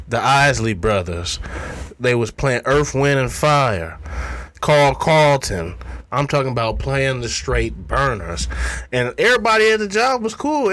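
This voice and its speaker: A man's voice: medium pitch, fairly bright tone. A man co-hosting a casual podcast, telling work stories with a lot of swearing and laughter. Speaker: podcast co-host. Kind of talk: casual storytelling chat.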